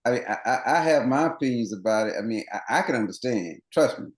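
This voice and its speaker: A man's voice: mid-range voice, lively intonation, fast talker, reverberant. A man running coach, interviewed as a guest on a podcast, explaining things earnestly at length with many restarts.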